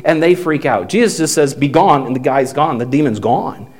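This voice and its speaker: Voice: mid-range voice, animated, fairly quick, a little mellow. A pastor preaching a sermon to a congregation, building emphasis through repeated phrases that rise and fall. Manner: emphatic, repetitive preaching with rises and falls.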